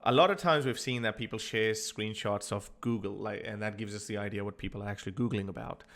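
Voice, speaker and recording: A man's voice: on the low side, fast, fairly bright tone. A man giving comedic vlog commentary, mocking and laughing often, stammering when he gets flustered. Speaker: YouTube commentator.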